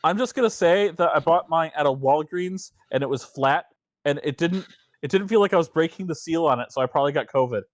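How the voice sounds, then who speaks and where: A man's voice: a little high, fairly quick, no room sound. A man co-hosting a podcast, chatting in an offhand, meandering way and swearing casually. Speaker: podcast co-host.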